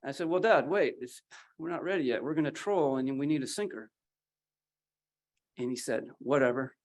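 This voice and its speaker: A man speaks at a memorial gathering, telling a personal story and acting out the voices of the people in it. His voice sits a little high for a man. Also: lively intonation, normal speed. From Northern California.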